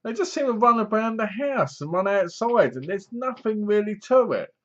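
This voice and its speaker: A man's voice: high-pitched, animated, moderate pace, a bit bright. Chatty man reviewing a horror film. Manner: rambling, chatty retelling with asides. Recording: dull lo-fi recording.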